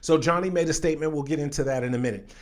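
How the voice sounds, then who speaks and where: A male acting coach with a voice pitched somewhat high for a man. He teaches an online acting lesson in an emphatic, direct way, speaking straight to his viewers. He keeps pausing to read passages aloud from an article before coming back to his own points.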